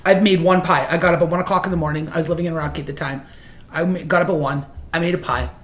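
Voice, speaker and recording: A woman's voice: deep voice, fairly even intonation, very fast, reverberant. A woman guest on a podcast, telling stories in casual chat, swearing freely and laughing as she talks.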